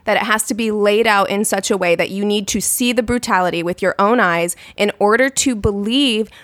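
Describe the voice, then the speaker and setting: A woman co-hosting a podcast, speaking in an earnest, measured way. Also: medium pitch, no room sound. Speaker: podcast co-host. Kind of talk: casual podcast discussion.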